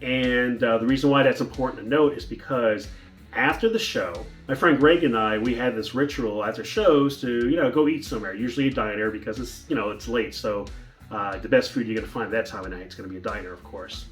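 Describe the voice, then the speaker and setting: A man's voice: medium pitch, brisk, soft background music. A man telling a personal story in a casual vlog, rambling with restarts and fillers. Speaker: vlogger.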